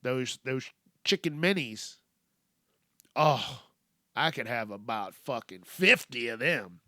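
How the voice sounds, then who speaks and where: A man's voice: medium pitch, animated, takes it slowly, pushed and bright, no room sound, studio quality. A man hosting a solo show, ranting bluntly and swearing a lot. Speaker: podcast host.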